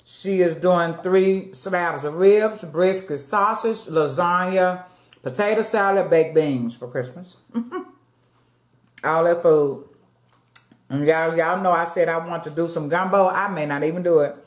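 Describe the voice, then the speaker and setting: A woman talks through an eating-show vlog. She is slow and unhurried, with a low voice. She keeps calling her viewers y'all, and the room sounds echoey. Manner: chatty, addresses viewers as y'all, eats between lines. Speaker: mukbang vlogger. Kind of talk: casual eating-show chat.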